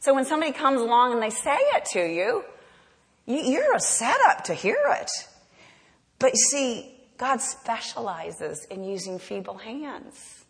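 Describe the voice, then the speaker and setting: A woman's voice: fairly high pitch, very animated, a little slow, big-room sound. A woman preaching a sermon, earnest and direct, often asking the congregation rhetorical questions.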